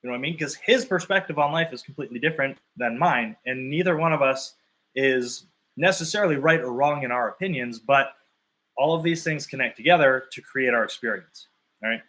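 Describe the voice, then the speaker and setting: A man's voice: medium pitch, brisk, fairly bright tone. A man coaching clients on fitness and nutrition in a live talk. He explains his points through long hypothetical examples in a loose, conversational way. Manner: loose and conversational, thinking aloud.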